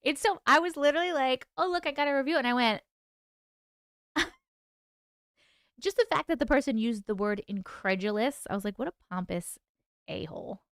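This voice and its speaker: A woman's voice: high-pitched, moderate pace, long pauses, a bit bright, dry recording, clean studio sound. A woman hosting a casual livestream, chatting with viewers, reading their comments aloud and laughing often. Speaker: livestream host and author.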